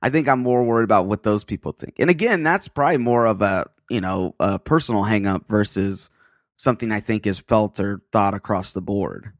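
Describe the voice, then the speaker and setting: A fairly low-voiced man co-hosts a tech podcast, giving his opinions in a relaxed, hedging way with many "you know"s and "uh"s. The sound is dry and close to the mic. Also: fairly quick, dry recording. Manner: laid-back, hedging, filler-heavy talk. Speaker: podcast co-host. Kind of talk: casual tech podcast chat.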